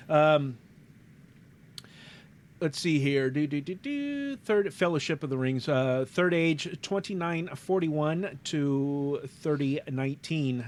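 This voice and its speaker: A man's voice: on the high side, a little hiss or hum. A man co-hosting a podcast in casual chat, with playful, teasing interjections. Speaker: podcast co-host.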